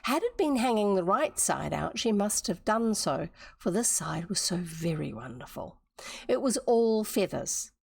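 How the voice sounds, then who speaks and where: A woman's voice: mid-range voice, big pitch swings, a little slow, vocal fry, husky, dry recording, studio quality. A woman from New Zealand reading a classic novel aloud on a livestream, with chatty explanatory asides. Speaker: storybook reader on a livestream.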